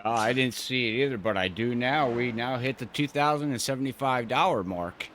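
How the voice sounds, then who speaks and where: A man's voice: medium pitch, brisk, fairly bright tone, slight background noise. Easygoing man co-hosting a race stream. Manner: easygoing, short reactions. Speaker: co-host. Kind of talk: casual co-commentary.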